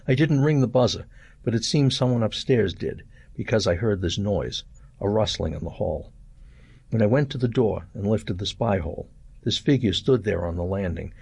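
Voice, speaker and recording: An older man reading a first-person short story aloud in a calm, measured way. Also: on the low side, creaky, breathy edge, dry recording. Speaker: narrator.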